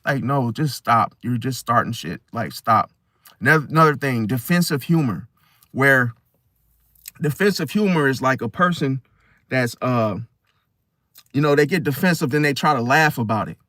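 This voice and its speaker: Slangy, animated man, dry close sound. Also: moderate pace, no echo. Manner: animated, acts out quoted people in high voices; slangy, addresses listener as bro. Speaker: astrology video host. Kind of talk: casual spoken monologue.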